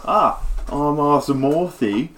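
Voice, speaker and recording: A man's voice: fairly high pitch, expressive, slow, pitched above the performer's own voice. A man voicing a cocky male halfling bard with rock-star swagger, drawling and laughing through his lines, over a noisy home recording.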